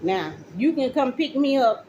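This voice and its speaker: A woman's voice: sits high, very animated, measured pace, warm tone, dull audio, a little hiss or hum. A middle-aged woman, a mother, ranting straight to the camera, accusing officials directly and repeating her points. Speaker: mother speaking out. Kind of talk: angry direct-to-camera rant.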